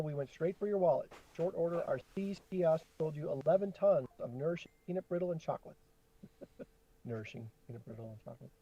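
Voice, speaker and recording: Middle-aged dad reading out loud on a podcast, slightly high voice, dull lo-fi sound. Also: male voice. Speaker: podcast co-host, father. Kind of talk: reading a letter aloud and chatting.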